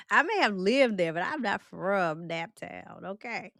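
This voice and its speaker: A woman's voice: medium pitch, a little slow, creaky, hardly any pauses, bright, forceful tone, no room sound, clean studio sound. A woman with a Midwestern country accent hosting a casual livestream, chatty and playful as she reacts to viewer comments. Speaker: livestream host.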